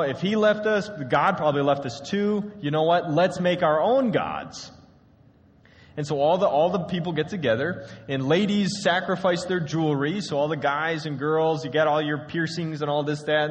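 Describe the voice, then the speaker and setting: A male pastor with a fairly high voice gives a sermon in a casual, conversational way, talking straight to his congregation. His voice carries through a long echoey hall, as in a church sanctuary.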